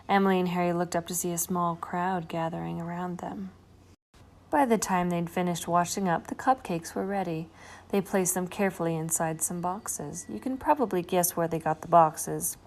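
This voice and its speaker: A woman reading a children's storybook aloud, expressive and slowing for effect. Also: on the low side. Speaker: storybook reader. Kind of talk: children's book read-aloud.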